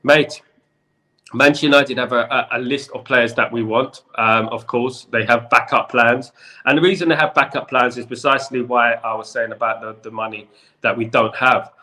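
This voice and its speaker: A man's voice: mid-range voice, steady tone, moderate pace, bright, forceful tone. A man with a London accent hosting a football channel, chatting with viewers on a live stream in a repetitive, conversational way. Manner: repetitive, chatty, keeps saying "in regards to".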